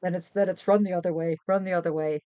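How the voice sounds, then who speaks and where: A woman's voice: fairly low pitch, quick pace, clear, resonant tone, no room sound. An older woman streamer telling chatty, rambling stories in a casual live stream. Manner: chatty, rambling, animated storytelling. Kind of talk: casual chat. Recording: dry, dull lo-fi stream audio.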